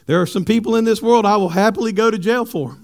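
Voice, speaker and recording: A male pastor, preaching a sermon with animated, humorous stories for his congregation. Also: sits high, fast talker, creaky. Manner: animated storytelling, jokes with the congregation.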